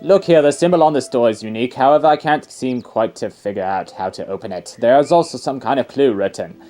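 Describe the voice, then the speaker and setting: A man's voice: mid-range voice, a little fast, mellow, lightly acted. A man voicing a posh, pompous male archaeologist from a video game, in a put-on British accent. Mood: enthused. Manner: posh, pretentious, declamatory.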